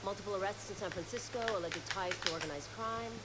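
A woman's voice: medium pitch, quick pace, fairly bright tone, lightly acted, rough recording. A woman voicing an earnest game character who pleads and argues over a criminal case. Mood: pleading.

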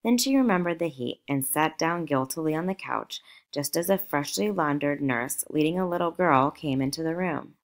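A woman narrating a novel aloud in a measured, expressive storytelling manner. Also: sits low. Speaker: audiobook narrator.

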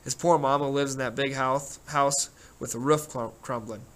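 A man reading a gruff, middle-aged sheriff who spins long folksy yarns at an ordinary pitch. He rambles and growls his way through the telling, like a storybook lawman who loves to talk. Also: fairly even intonation, normal speed, a bit bright, lightly acted. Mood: folksy storytelling.

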